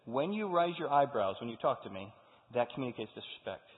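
A man's voice: mid-range voice, a little fast. Man preaching in an echoing hall. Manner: animated preaching, acting out quoted voices. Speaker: pastor. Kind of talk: sermon. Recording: phone-like sound with long hall reverb.

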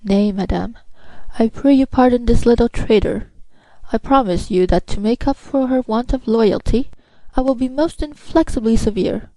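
A woman voicing a stern young male prosecutor who speaks in a measured, formal way, in a storybook reading. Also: fairly high pitch, warm tone, no echo, lightly acted, low-quality recording.

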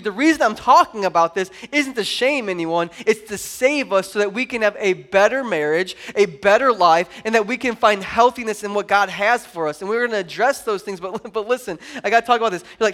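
Male pastor, 30s, lighter high register, lively anecdotal sermon style. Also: brisk, few pauses. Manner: animated storytelling, heavy on "like". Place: church service.

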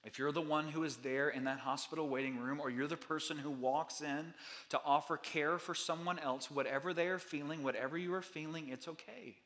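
A middle-aged male pastor preaching a sermon with an earnest, repetitive cadence, dropping his voice softly on key lines. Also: on the high side, steady tone, fairly quick.

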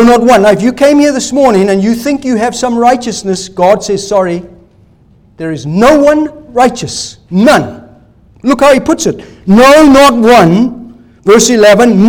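Preaching a sermon in a high voice, a male pastor speaks emphatically and poses rhetorical questions, alternating loud declarations with soft asides.

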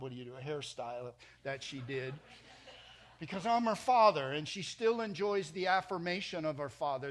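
A middle-aged man preaching a sermon in a church, emphatic, swinging between loud and soft. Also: on the high side. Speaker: pastor.

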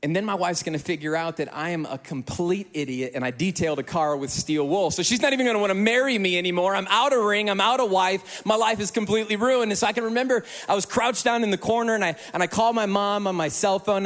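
Emotional, high-voiced male preacher. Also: quick pace, few pauses, in a large hall. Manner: emotional, animated storytelling. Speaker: pastor. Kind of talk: sermon.

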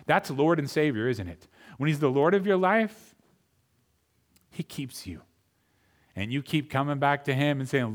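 A man's voice: on the high side, expressive, unhurried. Man preaching with swelling emphasis. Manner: emphatic preaching, swinging from hushed to loud; addresses the congregation directly. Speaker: pastor. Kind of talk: sermon.

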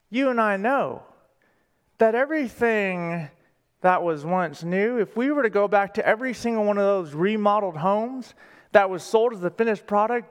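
A man preaching a sermon as pastor, speaking deliberately and with emphasis, asking the congregation questions in a church sanctuary. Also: high voice. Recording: long reverb of a large hall.

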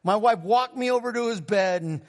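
A middle-aged man, a pastor, telling a personal testimony in a sermon, acting out his conversations with God and calling to the congregation for responses. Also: normal speed. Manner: storytelling, acts out dialogue with God in a lower, quieter voice.

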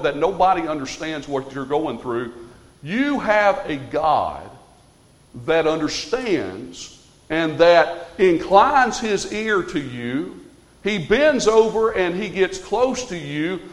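A man delivers a sermon, his voice pitched high for a man. He moves from earnest, quiet reflection to fervent exhortation. A long church reverb hangs after each phrase. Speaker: preacher.

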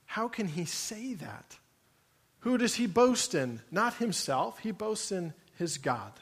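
A man's voice: high-pitched, very animated, slow pace, a bit bright, breathy edge. A man preaching a sermon to his congregation. He asks many emphatic rhetorical questions. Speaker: pastor. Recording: long reverb of a large hall.

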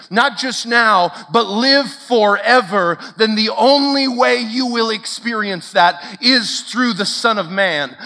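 A man's voice: high voice, pushed and bright. A man preaching a sermon at a camp, telling a story and building to emphatic declarations. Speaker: camp speaker. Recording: long hall reverb.

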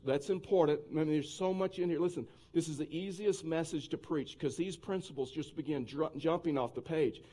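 Male pastor, mid-high voice, casual conversational sermon delivery with restarts. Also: brisk, few pauses, warm tone. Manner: conversational preaching with frequent restarts.

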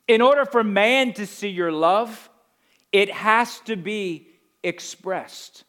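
High-voiced preaching man from the Northeast. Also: slow pace, sharp tone. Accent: New Jersey. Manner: emphatic preaching with repeated rhetorical questions. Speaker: pastor. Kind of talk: sermon.

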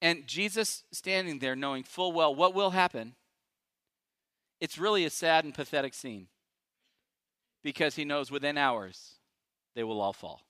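A male pastor preaching a sermon, emphatic and dramatic, swinging from loud declarations to hushed asides. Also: fairly high pitch, animated, unhurried, long pauses, clean tone, dry recording, clean studio sound.

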